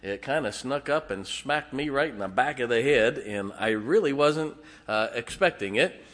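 A middle-aged man preaching a sermon as pastor, folksy and halting, with many fillers. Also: mid-range voice, lively intonation, a bit bright, big-room sound. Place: church sanctuary.

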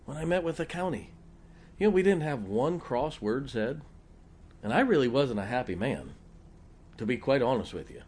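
A man's voice: mid-range voice, expressive, normal speed, long pauses, darkish tone, slightly rough. A middle-aged man preaching a sermon as pastor, folksy and often joking and laughing with the congregation.

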